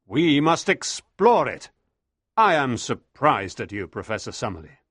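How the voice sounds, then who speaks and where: A man's voice: medium pitch, very animated, a little slow, fairly bright tone, breathy edge, dry recording, studio quality, exaggerated voice. A man voicing a proud, stubborn older male professor who speaks in an assertive, lecturing way.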